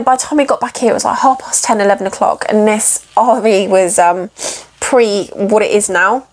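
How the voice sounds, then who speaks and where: A chatty young woman vlogs from inside her RV, her voice sitting a little high for a woman. She rambles and gets emotional, with plenty of ums and restarts. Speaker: cross-stitch vlogger. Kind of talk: casual chat to camera.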